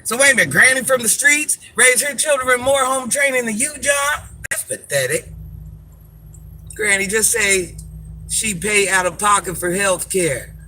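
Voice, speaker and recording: A woman's voice: on the high side, normal speed, sharp tone, a little hiss or hum. An older woman, a social media personality, scolding commenters in a sassy, confrontational live rant, repeating her insults for emphasis.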